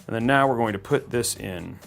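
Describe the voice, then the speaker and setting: A man's voice: medium pitch, a little fast, gravelly, a bit bright, faint music behind. A man hosting a live PC-building stream from a studio. He chats casually and cheerfully and rambles with plenty of fillers. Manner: chatty, upbeat, rambling with fillers. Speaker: livestream host building a PC.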